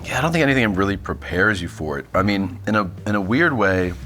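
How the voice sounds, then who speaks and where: A man's voice: fairly low pitch, very animated, fast, a bit bright. A man being interviewed as a guest comedian, telling casual, matter-of-fact stories and laughing often as he talks. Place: kitchen studio.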